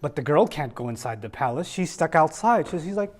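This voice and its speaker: Animated man telling a story to kids. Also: a little high, a little fast. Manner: animated, acts out characters with voice changes, asks the kids questions. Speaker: teacher telling a story to children. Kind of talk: storytelling lesson for children. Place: room with children listening.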